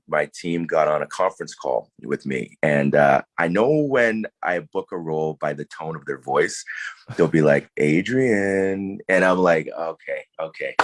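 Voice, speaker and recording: Very deep-voiced actor talking warmly. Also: male voice, no room sound. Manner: thoughtful, many fillers and restarts. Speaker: actor, interview guest. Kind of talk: casual interview answers.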